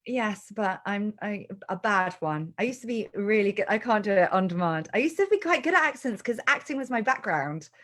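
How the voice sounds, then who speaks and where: A woman's voice: mid-range voice, animated, a little fast, hardly any pauses, a bit bright. An upbeat, self-deprecating woman hosting a live-streamed interview over a video call from an office. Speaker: host. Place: farm office indoors.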